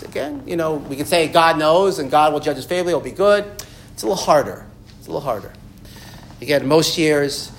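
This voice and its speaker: A man's voice: a little high, a little hiss or hum. A man teaching a Torah class, with a voice that sits a little above the usual male range. He reads Hebrew and Aramaic sources aloud and explains them line by line in a loose, conversational way. He often restarts and repeats words mid-sentence.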